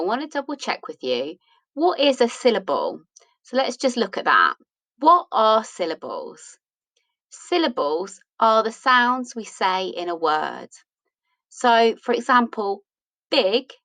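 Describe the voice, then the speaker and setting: Slow, patient woman teaching English grammar. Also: medium pitch, a bit bright, no echo, poor audio. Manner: patient, asks and answers her own questions. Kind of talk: explaining a grammar lesson.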